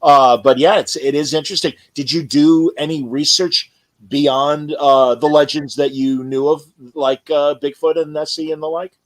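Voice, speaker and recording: A man's voice: fairly high pitch, fairly even intonation, moderate pace, rough recording. A man hosting an interview, asking enthusiastic, rambling questions with many restarts. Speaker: podcast host. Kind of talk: casual interview chat.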